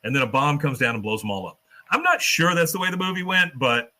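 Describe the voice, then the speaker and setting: A man hosting a podcast, casually retelling a cartoon episode scene by scene, swearing and dropping into quick character voices. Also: a little high, animated, bright, forceful tone. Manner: swears casually and laughs while telling. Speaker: podcast host recapping an episode. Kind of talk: casual chat.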